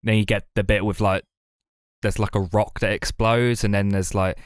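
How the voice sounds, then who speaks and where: A man's voice: on the low side, flat delivery, normal speed, clear, resonant tone, no room sound, clean studio sound. A man co-hosting a casual film podcast, enthusiastic and hesitant, full of fillers. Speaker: podcast co-host. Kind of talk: casual film review chat.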